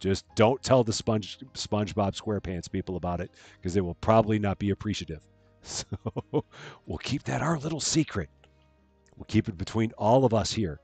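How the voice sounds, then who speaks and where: A man's voice: fairly low pitch, steady tone, a little fast, darkish tone, no room sound, faint music behind. A man casually chatting with viewers while he plays a farming game on a live stream, greeting people and laughing at his own jokes.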